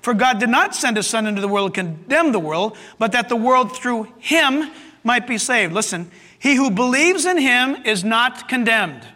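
A man preaches in a very high, sharp voice. He quotes scripture with emphasis and keeps turning to the congregation with rhetorical questions. His words ring out with a long reverb in a large sanctuary. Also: animated, normal speed. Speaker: pastor. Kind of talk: sermon.

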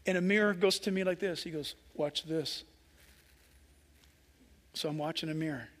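A man's voice: high voice, fast talker. A man preaching a sermon with passion, acting out the voices of people in his story. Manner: impassioned preaching, acts out quoted voices. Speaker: pastor. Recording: echoey hall reverb.

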